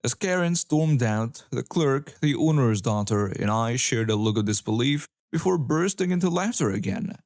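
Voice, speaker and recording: A man reading online stories aloud as scripted narration, with an even storytelling delivery. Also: mid-range voice, moderate pace, hardly any pauses, dry recording, studio quality.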